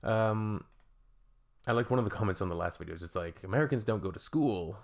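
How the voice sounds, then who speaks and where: A man's voice: lowish voice, lively intonation, a little fast, creaky, darkish tone. A Canadian man hosting a reaction video, reading comments aloud and adding dry, joking asides in a casual tone.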